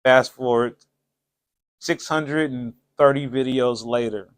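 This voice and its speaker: A man hosting his own channel, telling a story in a casual, animated, slangy way and laughing often. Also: medium pitch, slow pace, clear, resonant tone. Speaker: channel host.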